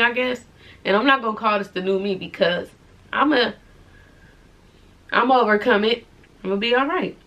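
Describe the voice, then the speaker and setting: A young woman speaks in a soft, heartfelt confessional vlog. Her voice sits at an everyday middle pitch and turns tearful at times. She talks informally, with casual slang. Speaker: vlogger.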